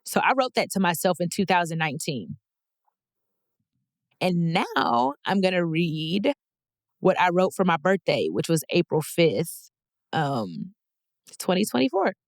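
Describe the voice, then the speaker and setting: A woman's voice: lowish voice, very animated, measured pace, pauses often, no room sound. Emotional woman reading her own letters. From Texas. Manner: heartfelt, emotional, affirming. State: tearful. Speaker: podcast host. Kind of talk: reading personal letters aloud.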